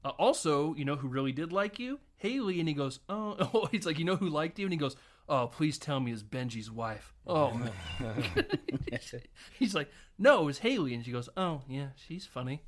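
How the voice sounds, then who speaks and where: A man's voice: fairly high pitch, lively intonation. A young adult man co-hosting a casual film podcast, laughing often as he acts out lines from a movie. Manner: laughing, acting out movie lines in quick voices. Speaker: podcast co-host.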